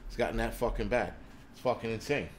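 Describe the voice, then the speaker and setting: A man's voice: fairly low pitch, fast talker, a little hiss or hum. Foul-mouthed man ranting combatively. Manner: swears constantly, crude and combative. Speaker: host of a prepping channel. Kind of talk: profane livestream rant. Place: indoors in a city.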